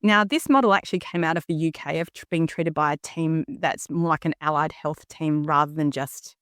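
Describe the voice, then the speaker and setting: A slightly bright, low-sitting voice belongs to this Australian woman in her fifties, who hosts a personal solo podcast and talks a little fast. She's candid and earnest, with frequent ums and "okay?" check-ins. The audio is clean studio sound with no room sound.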